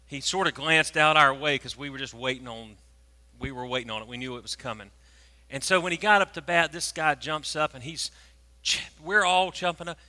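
A preacher, telling a story in a sermon and swinging from hushed tones to loud, animated moments. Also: male voice, a little high, a little fast. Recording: long reverb of a large hall.

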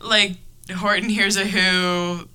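Bright-voiced young woman hosting a podcast. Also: medium pitch, slow, smooth. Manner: animated, laughs often, many fillers. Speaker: podcast host. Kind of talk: casual chat, storytelling.

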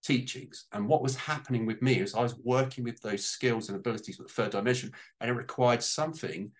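A man's voice: medium pitch, fairly quick. A man on a panel talking about a personal change in a heartfelt, rambling way, close to tears at times. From United Kingdom. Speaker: guest on a panel. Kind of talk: emotional personal testimony.

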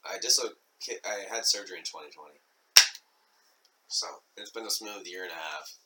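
A man's voice: low-pitched, moderate pace, very noisy. A young man chatting casually as a guest, laid-back and slangy. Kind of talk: casual chat.

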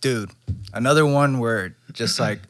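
A man's voice: medium pitch, a little slow. A young man co-hosting a podcast, talking casually and rambling with lots of fillers and restarts. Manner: rambling, animated, full of fillers. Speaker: podcast co-host. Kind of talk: casual chat about movies.

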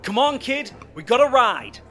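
A man's voice: fairly high pitch, expressive, normal speed, soft background music. A man voicing a brash, condescending male outlaw who turns hot-tempered and frantic in danger. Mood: frantic shouting. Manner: teasing drawl, turns to frantic shouting.

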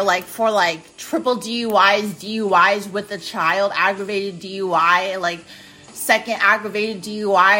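A woman's voice: mid-range voice, sharp tone. A woman in her twenties hosting a podcast from her kitchen, telling stories in a blunt, profane, self-mocking way. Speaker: podcast host. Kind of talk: casual storytelling monologue. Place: home kitchen.

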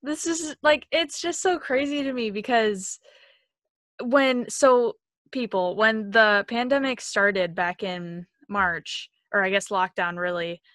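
A woman's voice: medium pitch, slow pace, fairly bright tone, dry recording. A woman in her twenties hosting a casual podcast, talking in an effusive, enthusiastic way. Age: 20s. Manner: effusive, enthusiastic, gushing with praise. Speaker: podcast host.

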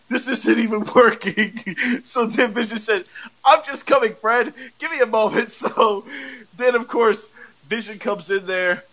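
A man's voice: sits high, pushed and bright. A man hosting a podcast, retelling a TV episode in a rambling, casual way and laughing often as he talks. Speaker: podcast host. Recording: dull lo-fi podcast audio.

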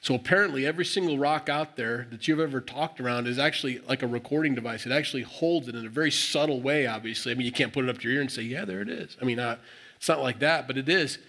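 A man's voice: mid-range voice, quick pace, bright, forceful tone. A man preaching a sermon, reading scripture aloud and explaining it in a conversational way, acting out the dialogue with emphatic rises. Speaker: pastor.

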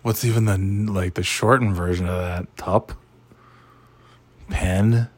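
A man's voice: sits low, steady tone, slow, no echo. A man hosting a casual chat, rambling and sarcastic, swearing freely.

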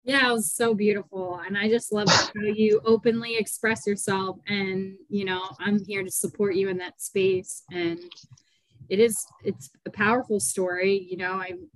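A woman host speaking gently and supportively to her guest. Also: mid-range voice, steady tone, moderate pace, dry recording, low-quality recording. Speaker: podcast host. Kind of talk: supportive interview conversation.

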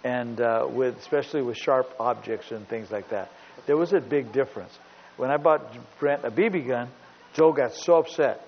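At normal speed and medium pitch, this preacher's voice carries a bit of background noise. He is middle-aged, preaching with emphatic storytelling and repetition, recorded dully in a big echoing hall.

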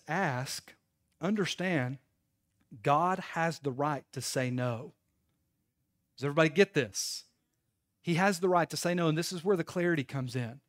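High-voiced man preaching a casual sermon. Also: fairly bright tone, no room sound, studio quality. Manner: conversational storytelling, addressing congregation. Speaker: pastor.

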